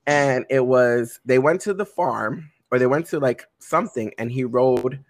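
A man's voice: medium pitch, measured pace, no echo, clean studio sound. A man co-hosting a podcast, from a Caribbean family, chatting casually and acting out quoted lines as he tells stories. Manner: animated storyteller, acts out quotes. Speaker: podcast co-host. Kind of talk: casual chat.

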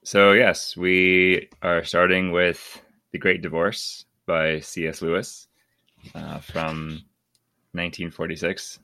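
A man's voice: deep voice, little pitch movement, slow pace, bright, forceful tone, no echo. A man in his thirties hosting a casual book-club podcast, rambling with many restarts and laughing often. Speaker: podcast host.

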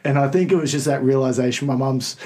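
A man's voice: mid-range voice, quick pace, darkish tone. A man in his thirties with an Australian accent, co-hosting a podcast and rambling through a funny story with frequent laughs. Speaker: podcast co-host. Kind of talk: casual chat.

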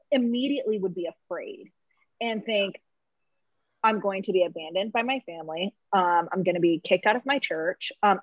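A young woman on a podcast, telling a personal story in emotional casual chat, halting with many fillers and laughing through tears. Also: fairly low pitch, dry recording. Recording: dull lo-fi sound.

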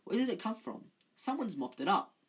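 Reader doing a curious schoolboy, quick questions, lively. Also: medium pitch, slightly rough, voice pushed up.

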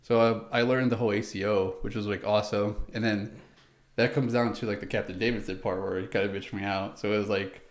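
A young man with a fairly low voice tells a casual story from his time in the service. He rambles, fills his speech with "like", and acts out the voices of the people in it. The room around him sounds echoey. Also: fairly even intonation, a little fast. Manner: rambling, lots of "like" and acted-out quotes. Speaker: former Marine recounting service.

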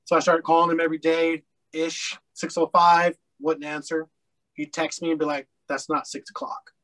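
A man from Colorado with a fairly high voice talks as a podcast guest. He tells his story candidly, rambling through fillers and swearing bluntly. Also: flat delivery, moderate pace, fairly bright tone, rough recording. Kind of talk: casual storytelling interview.

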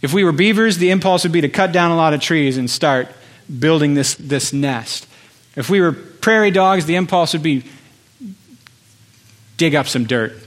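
A man preaching a sermon to his congregation, impassioned, building through repeated phrases with pauses. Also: a little high. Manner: impassioned, rhetorical repetition with pauses. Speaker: pastor.

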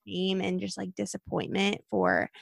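Young female podcast host, open and chatty, gravelly edge, dry sound. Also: medium pitch, sing-song, moderate pace, no room sound. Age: 20s. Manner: candid, chatty, laughs easily. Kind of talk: casual conversation.

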